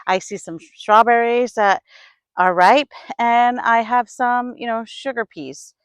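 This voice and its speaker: A woman from upstate New York talking to her camera while she tends her garden, sighing, hesitant and thinking out loud. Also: fairly high pitch, slow, smooth, no room sound. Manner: sighing, hesitant, talks to herself while working. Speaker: gardening vlogger. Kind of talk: casual vlog narration. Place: outdoor garden.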